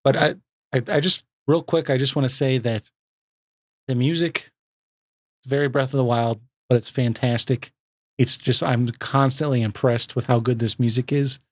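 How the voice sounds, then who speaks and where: A man hosting a casual gaming podcast, enthusiastic and laughing often, with quick asides. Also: mid-range voice, steady tone, no room sound, studio quality. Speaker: podcast host.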